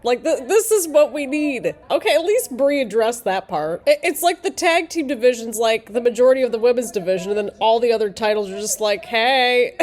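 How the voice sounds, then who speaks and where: A chatty woman reacting live to a wrestling broadcast, her voice sitting a little on the high side. She jumps between thoughts, stumbles over restarts and fills gaps with fillers as she talks. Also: expressive, fairly quick, a little mellow.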